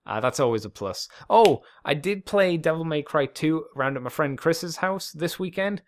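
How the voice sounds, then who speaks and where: A man's voice: fairly high pitch, lively intonation, moderate pace, a little hiss or hum. A man hosting a podcast alone, rambling casually with plenty of swearing and self-deprecating asides. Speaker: podcast host.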